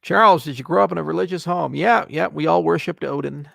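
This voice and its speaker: A man hosting a casual livestream Q&A, reading viewer questions aloud and answering with wry, deadpan jokes. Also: a little high, brisk, vocal fry, no echo, studio quality.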